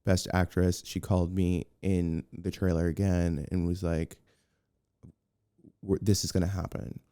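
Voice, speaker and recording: Deep-voiced man telling a story. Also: unhurried, clean tone, no echo, studio quality. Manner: animated, acts out quotes, frequent restarts. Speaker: podcast guest. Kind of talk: casual storytelling.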